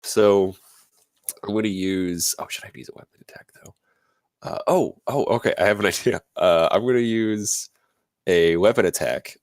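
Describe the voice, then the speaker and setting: A man's voice: lowish voice, normal speed, no echo. A man playing a tabletop game, joking around and hesitating as he decides his moves. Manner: joking, hesitant, restarts often. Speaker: player. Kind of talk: casual tabletop play.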